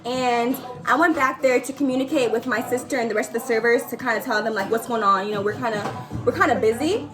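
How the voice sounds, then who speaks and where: A woman's voice: a little high, quick pace. A young woman chatting while she does her makeup at home, telling a story and laughing often. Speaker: vlogger doing makeup. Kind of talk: casual chat with a sister. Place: a room at home with music playing. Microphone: phone or camera, no microphone. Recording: music loud in the background.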